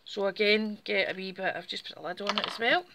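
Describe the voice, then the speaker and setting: A woman's voice: medium pitch, steady tone, brisk, noisy background. A woman, hosting a casual craft tutorial and chatting step by step in a friendly way. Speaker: craft channel host.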